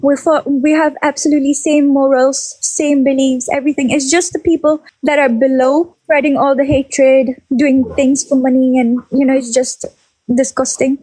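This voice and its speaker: A woman's voice: sits high, little pitch movement, moderate pace, mellow, dry recording, rough recording. A young woman from Ireland in casual religious discussion, earnest and out of breath, often repeating words as she searches for phrasing. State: pregnant, out of breath. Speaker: guest.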